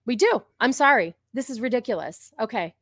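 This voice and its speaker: A woman's voice: fairly high pitch, lively intonation, a little fast, fairly bright tone, slight background noise. A woman in her forties hosting a live stream, commenting on videos in a sarcastic, profane, ranting way. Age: 40s. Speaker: streamer host.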